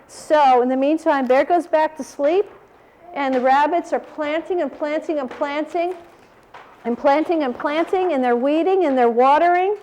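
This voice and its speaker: Woman storyteller, high pitched, animated read-aloud for children with questions. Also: moderate pace. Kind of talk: reading a picture book aloud to children.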